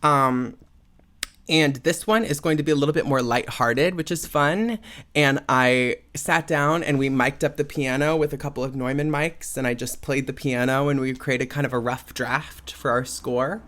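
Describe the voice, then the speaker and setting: A man's voice: mid-range voice, moderate pace, fairly bright tone. A young man hosting a podcast on his own, talking in a rambling, casual way with lots of "like" and "um". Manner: chatty, rambling, many "like" and "um" fillers. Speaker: podcast host. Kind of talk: casual solo podcast chat.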